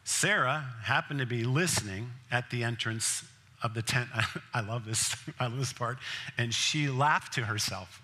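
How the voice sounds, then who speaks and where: A man's voice: mid-range voice, measured pace. A man preaching a sermon as pastor, telling the story in a conversational way and acting out the scenes. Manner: laughs often, grows emphatic and louder.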